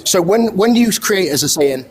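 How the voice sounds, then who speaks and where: A British man hosting a live stream, calmly steering a heated discussion. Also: high-pitched, normal speed. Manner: calm, steering the talk.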